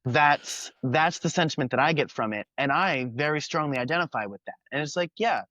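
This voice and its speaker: A man's voice: fairly high pitch, animated, a little fast, sharp tone, no echo, dull audio. Talkative young man reviewing an album. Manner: earnest, talkative, quotes lyrics in character. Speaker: podcast host. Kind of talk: casual music review chat.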